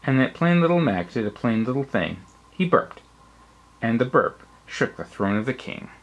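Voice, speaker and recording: Dad reading a rhyming storybook at bedtime, mid-pitched, expressive. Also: male voice, moderate pace, dull audio, slight background noise. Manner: rhythmic, expressive rhyming delivery.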